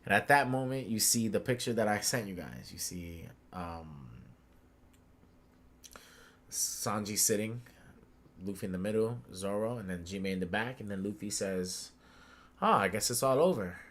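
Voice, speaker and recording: A man's voice: lowish voice, normal speed, slight background noise. A young adult man hosting a podcast, retelling a story in casual chat with heavy slang and swearing. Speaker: podcast host.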